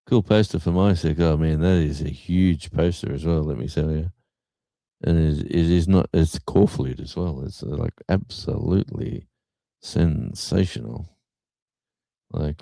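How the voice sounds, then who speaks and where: A man's voice: very deep voice, unhurried, gravelly, mellow, dry recording. A middle-aged man hosting a livestream, chatting casually and rambling with lots of fillers. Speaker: livestream host.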